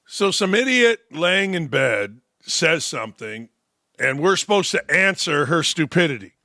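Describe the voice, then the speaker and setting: A man's voice: fairly high pitch, very animated, unhurried, pushed and bright, no echo, studio quality. A man hosting a sports talk show, giving blunt, sarcastic and mocking opinion commentary.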